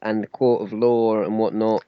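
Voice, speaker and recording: Low-voiced man explaining, dull dry recording. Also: flat delivery, normal speed, clear, resonant tone, dry recording. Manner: explanatory, corrects his co-host. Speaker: podcast co-host. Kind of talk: casual chat.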